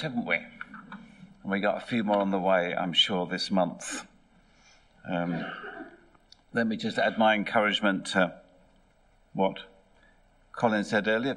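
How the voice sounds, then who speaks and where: A middle-aged man preaching a sermon in church, telling the story in a lively way and putting on voices for its characters. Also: lowish voice.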